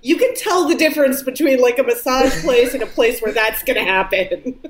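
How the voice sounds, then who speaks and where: A woman co-hosting a comedy podcast, teasing and quick-witted in her remarks. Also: sits high, roomy sound, crowd noise. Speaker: podcast co-host. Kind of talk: casual comedic banter.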